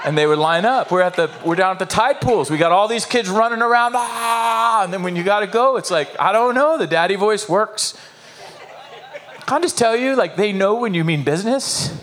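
A man preaching a sermon as pastor, emphatic and animated, with repetitions and rhetorical questions to the congregation. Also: high voice, brisk.

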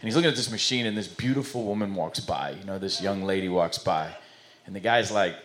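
A man's voice: deep voice, a little fast. Conversational man preaching a sermon. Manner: conversational, rambling, self-correcting. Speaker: pastor. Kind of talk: sermon with jokes. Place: church service before a congregation.

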